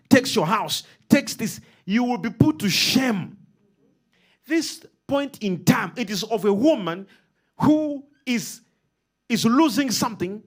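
A man with a very high-pitched voice preaches a sermon, leading the congregation in call-and-response. He swings between loud, emphatic lines and soft ones.

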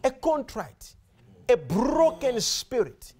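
With an extremely high-pitched voice and a slow pace, this man preaches a sermon, frequently stopping to question the congregation. He is emphatic, his delivery rising and falling animatedly as he repeats words and phrases.

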